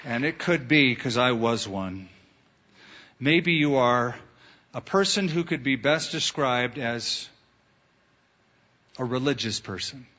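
A male pastor preaching a sermon, animated, acting out quoted voices in his stories. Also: mid-range voice, husky. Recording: dull lo-fi sound in a reverberant hall.

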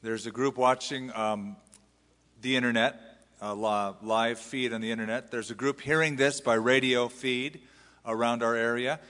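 A man's voice: mid-range voice, steady tone, normal speed, fairly bright tone, long reverb tail. A man from the US West Coast with an American accent, preaching a sermon in a conversational, self-deprecating way. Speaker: pastor. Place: large church hall.

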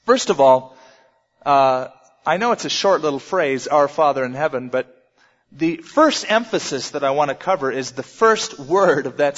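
A man preaching a sermon in an emphatic style with dramatic pauses. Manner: emphatic, dramatic pauses, lively swings in pitch. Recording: dull sound with long hall reverb.

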